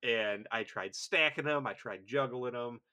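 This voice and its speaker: A man's voice: mid-range voice, unhurried, pushed and bright. A man playing a bored skull-hoarding warlord. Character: bored skull-hoarding male warband leader.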